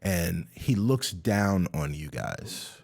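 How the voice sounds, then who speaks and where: A man narrating as dungeon master of a tabletop game, relaxed, with many fillers. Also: deep voice, slow, gravelly.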